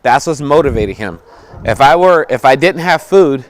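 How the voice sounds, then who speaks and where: A man's voice: medium pitch, lively intonation, normal speed. A man teaching dog training outdoors, explaining each step and giving short commands to a dog, often checking in with "right?" and "okay?". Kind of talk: instructional dog training video.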